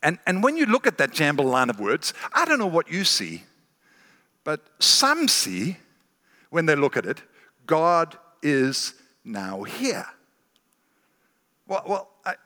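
A man's voice: a little high, bright, forceful tone. A man preaching a sermon as a guest speaker, earnest and often repeating words as he starts a phrase. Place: large church hall. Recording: long church hall reverb.

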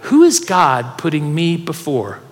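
A man's voice: fairly high pitch, big pitch swings, measured pace. A man preaching a sermon to a congregation, telling stories and urging listeners to respond. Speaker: pastor. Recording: long hall reverb.

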